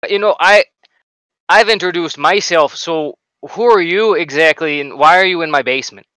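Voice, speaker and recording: A man's voice: fairly high pitch, moderate pace, sharp tone, clean tone, no echo, pitched above the performer's own voice, poor audio. A man voicing a nervous, folksy farmer hiding in his basement, polite and rambling. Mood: wary.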